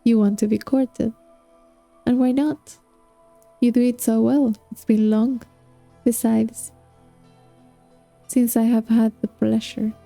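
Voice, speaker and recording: A woman reading aloud and voicing a scheming, seductive male sorcerer who coaxes and teases in a slow, dark, gravelly tone. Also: on the high side, little pitch movement, no echo, soft background music. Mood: coaxing.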